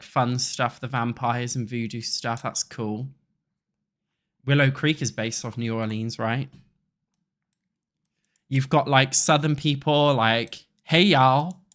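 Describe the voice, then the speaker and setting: A man's voice: medium pitch, fairly bright tone. A young British man talks casually over his gameplay and thinks aloud as he builds. He rambles, swears freely and chats loosely with his viewers. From England. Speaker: gaming YouTuber. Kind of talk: casual chat while playing a building game.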